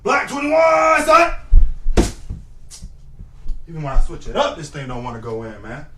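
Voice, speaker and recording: A young man streaming live, who shouts football snap counts and mutters casual asides to himself. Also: mid-range voice, fast. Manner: shouts football cadences between mumbled asides. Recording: echoey room, mic at a distance, faint noise.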